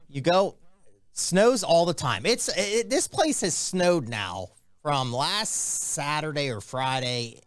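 A man hosting a casual sports betting podcast, telling jokey stories in an animated way. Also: fairly high pitch, no room sound. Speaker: podcast host.

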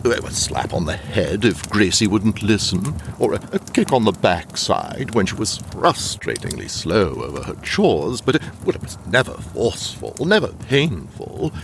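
A touchy old butler. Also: male voice, fairly low pitch, sing-song, measured pace, few pauses, slight background noise. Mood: defensive. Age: older. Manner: prim, indignant, flustered. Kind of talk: radio drama acting.

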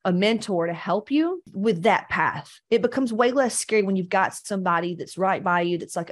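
A woman coaching on weight loss in a blunt, profane, animated motivational talk. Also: mid-range voice, normal speed.

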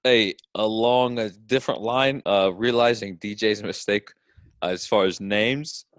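A man co-hosting a casual podcast chat, delivering wry, deadpan remarks. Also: fairly low pitch, unhurried, no echo, studio quality. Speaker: podcast co-host.

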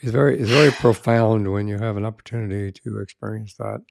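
A man hosting a podcast, reflecting in a measured way on the guest's story. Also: fairly low pitch, fairly even intonation, creaky, darkish tone, no room sound, clean studio sound. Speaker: podcast host. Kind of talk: interview chat.

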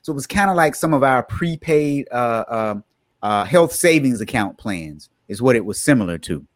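A man's voice: mid-range voice, lively intonation, moderate pace, no echo, rough recording. A man co-hosting a podcast, casually walking listeners through a news story and laughing now and then. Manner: explanatory, breaks into laughter. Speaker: podcast co-host.

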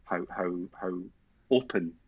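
A man's voice: sits low, slow, husky, narrow, tinny audio. A Scottish man chatting enthusiastically as a podcast guest, often restarting and repeating words. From Scotland. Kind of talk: casual interview chat.

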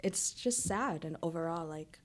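A woman in a casual chat, speaking softly and sometimes trailing off to a whisper. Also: low-pitched, a little slow. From US, Vietnamese family.

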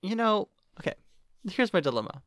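A woman's voice: medium pitch, sing-song, moderate pace, no room sound, studio quality. A woman in her twenties from Oklahoma, co-hosting a podcast in rambling, self-mocking casual chat. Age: 20s. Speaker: podcast co-host.

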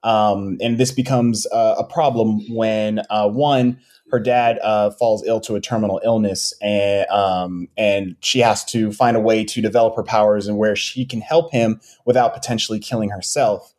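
A man, a comics creator being interviewed, talking casually about his books with many pauses and restarts. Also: on the low side. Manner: relaxed, many ums and restarts.

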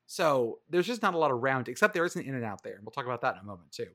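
Chatty co-host with a lively, animated voice. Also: mid-range voice, rapid-fire. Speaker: podcast co-host. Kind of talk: casual chat.

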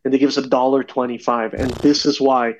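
A man, a podcast guest, chatting casually and telling stories with lively acted-out voices. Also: mid-range voice, fairly quick, a little hiss or hum. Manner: animated storyteller, acts out voices. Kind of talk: casual chat.

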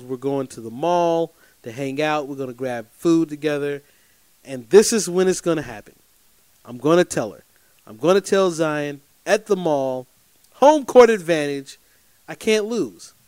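Animated man telling a personal story. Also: fairly high pitch, normal speed, smooth, no echo. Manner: animated, emphatic, repeats phrases for effect.

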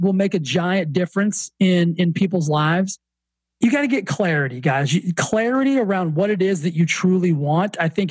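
High-voiced Southern man, animated storyteller. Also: slightly rough, no echo. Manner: animated storyteller, many restarts. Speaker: guest, fitness coach and author. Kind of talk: casual podcast interview.

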